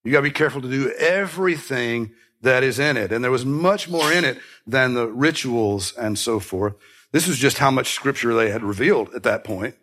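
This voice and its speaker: Male pastor, sermon, earnest, emphatic, repeats key lines, casual asides, mid-pitched voice. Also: moderate pace, a bit bright. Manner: conversational asides and self-corrections.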